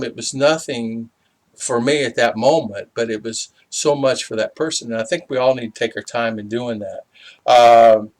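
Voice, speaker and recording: This is a middle-aged man telling a personal testimony. He speaks at an average pitch and wanders through the story with plenty of "uh"s and restarts. It is a plain, unpolished telling. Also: a bit bright. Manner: rambling and halting, with many fillers and restarts. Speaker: small business owner sharing a faith reflection.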